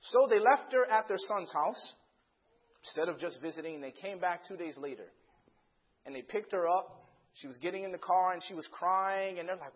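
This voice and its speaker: A man preaching a sermon, swinging between loud dramatic bursts and hushed passages, and acting out the voices in a story. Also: high voice, moderate pace, slightly rough, dull audio.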